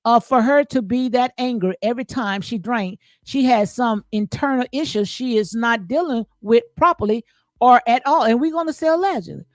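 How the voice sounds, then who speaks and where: A woman hosting a commentary channel reads live chat during casual reality-show commentary. She's emphatic, repeats phrases, and often says "okay?" and "absolutely." Her voice is a little high at a normal pace, with a dry, close recording.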